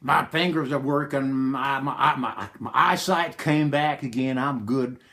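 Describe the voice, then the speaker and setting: A man's voice: medium pitch, a little slow, sharp tone. A man playing a rowdy, profane rural man, rambling through a wild comic story. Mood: wry. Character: rowdy rural middle-aged man telling a wild tale. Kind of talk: comic character monologue.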